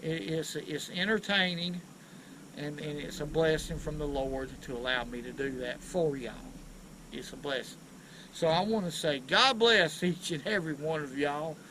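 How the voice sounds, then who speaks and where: A man hosting a casual fishing vlog from a boat on a river, folksy and excitable as he talks to viewers. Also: a little high, normal speed, slight background noise, low-quality recording. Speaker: fishing channel host.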